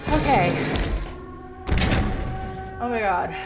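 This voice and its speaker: A woman doing gameplay commentary who shouts frantic commands at her character, swears a lot, and talks calmer and self-deprecating between fights. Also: on the high side, very slow, loud music behind the voice.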